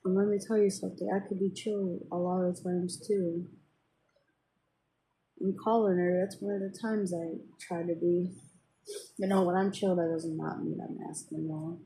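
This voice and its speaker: A woman's voice: fairly low pitch, little pitch movement, moderate pace, dark tone, rough recording. Rambling young woman venting casually. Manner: rambling, with many fillers and restarts. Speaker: vlogger. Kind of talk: casual personal venting to camera.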